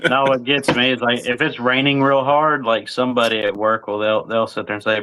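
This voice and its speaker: A man's voice: mid-range voice, flat delivery, fairly quick, hardly any pauses, sharp tone, clean tone, rough recording. Laid-back man telling stories. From Mississippi. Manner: laid-back storyteller, laughs at his own tales. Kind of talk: casual storytelling chat.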